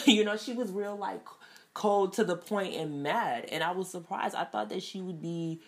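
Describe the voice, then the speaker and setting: A woman's voice: lowish voice, normal speed. A woman casually reviewing a TV episode, chatty, with lots of fillers and frequent laughs. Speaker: TV show reviewer.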